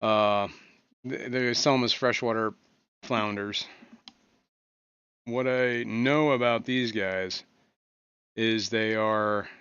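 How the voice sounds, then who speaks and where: A man's voice: on the low side, steady tone, slow, pauses often, fairly bright tone, clear, resonant tone, no room sound, lo-fi sound. A man hosting a casual livestream from his fish room, rambling with muttered asides and lots of fillers. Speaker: livestream host.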